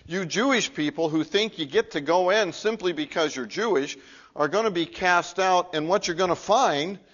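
A male pastor preaching an earnest sermon in a church, swinging from emphatic peaks to low, quiet appeals. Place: church sanctuary. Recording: muffled, lo-fi recording.

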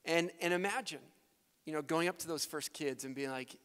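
A man's voice: fairly high pitch, normal speed, a bit bright, smooth. Canadian-raised male missionary preaching, earnest and emphatic, in a reverberant church hall. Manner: earnest, builds to emphatic peaks. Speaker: missionary speaker. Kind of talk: sermon with closing prayer. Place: church sanctuary.

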